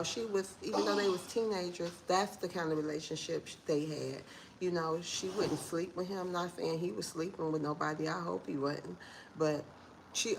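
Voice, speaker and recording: A vlogger in her forties from Detroit, USA, talks from home in a casual morning vlog, earnest and a bit preachy, addressing viewers straight on as y'all. Her voice is low-ish and gravelly with fry, and faint room noise hums behind her.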